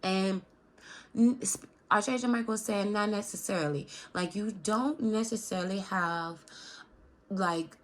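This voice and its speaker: A woman's voice: medium pitch, unhurried. A woman in her thirties giving a casual, affectionate tarot card reading and talking straight to viewers, with a chatty manner. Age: 30s.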